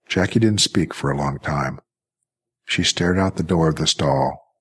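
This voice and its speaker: A man reading a story aloud in a measured audiobook style. His voice sits very low and husky, with a steady and unhurried delivery. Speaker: narrator. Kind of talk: audiobook narration.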